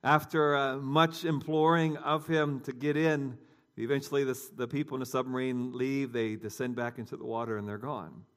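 A man's voice: mid-range voice, level tone, normal speed. A man preaching a sermon, telling a story conversationally and talking directly to his congregation. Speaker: pastor.

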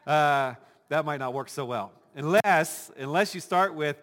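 A man's voice: a little high, normal speed, a bit bright, big-room sound. A male pastor giving a conversational sermon with touches of humor, acting out imagined voices of the congregation.

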